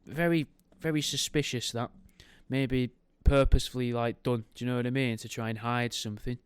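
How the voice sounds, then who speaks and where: Man, podcast host, reading a book aloud, wry joking asides, smooth clear voice, dry close recording. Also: medium pitch, fairly even intonation, brisk, no room sound. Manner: wry, goes off on tangents, makes jokey asides while reading.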